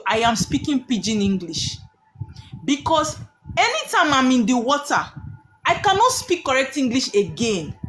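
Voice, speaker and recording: A woman's voice: on the high side, a bit bright. A woman, hosting a live stream and teaching with emphatic rhetorical questions that she answers herself.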